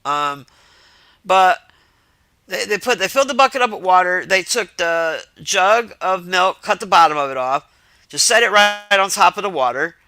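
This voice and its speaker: A man telling profane, exasperated stories to his stream chat in a casual, animated rant. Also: high-pitched, moderate pace, no room sound.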